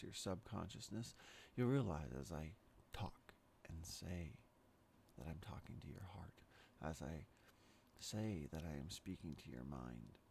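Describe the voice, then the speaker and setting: A man giving a rambling spoken meditation, meandering and pausing, his accent and tone drifting as he talks. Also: low voice, gravelly, mellow, slight background noise. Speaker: meditation speaker.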